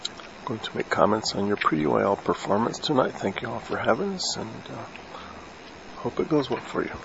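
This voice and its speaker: An older man, a retired band director, gives brisk spoken comments to a band during its performance, singing and tonguing phrases to show what he wants. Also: mid-range voice, animated, creaky, background noise. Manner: sings and tongues musical phrases to demonstrate; brisk coaching instructions. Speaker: band adjudicator. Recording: dull recording over loud band playing. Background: concert band playing loudly.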